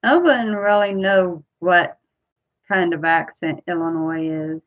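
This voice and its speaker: A woman's voice: fairly low pitch, unhurried, muffled recording. A woman from Ohio with a Kentucky accent, chatting to camera in a rambling way as a vlogger. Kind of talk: casual chat to camera.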